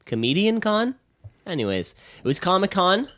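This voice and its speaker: Rambling young man with lively pitch. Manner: rambling, halting with many fillers, lively swings in pitch. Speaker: podcast co-host. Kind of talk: casual comedic chat.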